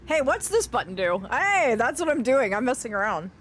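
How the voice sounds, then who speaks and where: A woman streaming a game, chatting playfully with her viewers and reading in-game journals aloud in a soft storytelling voice. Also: fairly high pitch, very animated, moderate pace, slight background noise. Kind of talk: gameplay commentary with a read-aloud journal.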